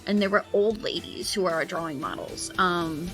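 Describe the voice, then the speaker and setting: A woman's voice: on the low side, normal speed, fairly bright tone, soft background music, rough recording. A young woman streaming while she draws, chatting casually with lots of fillers, giggles and squealed reactions. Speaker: art streamer. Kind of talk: casual chat while drawing.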